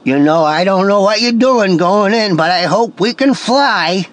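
Brief: chirpy little parrot, joking East Coast patter, high voice, as a man puts it on. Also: expressive, unhurried. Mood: cheerful. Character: cute little male parrot, cheerful joker.

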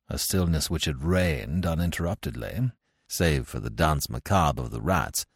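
A man with a low voice reads a suspense story aloud in expressive, dramatic narration. His pitch rises and falls widely to build tension. The recording is close and dry. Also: dry recording. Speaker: podcast narrator. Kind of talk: scripted audiobook narration.

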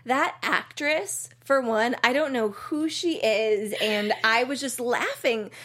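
A bright-pitched woman chatting with her co-host about a TV episode. She rambles through her thoughts with fillers and small giggles, and often trails off mid-sentence. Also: slow. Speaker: podcast co-host. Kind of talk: casual chat reviewing a TV show.

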